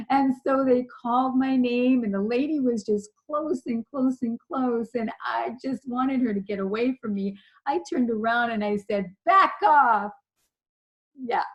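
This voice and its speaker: A woman leadership trainer giving a slide presentation, telling a personal story in a chatty, animated way. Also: on the high side, muffled recording.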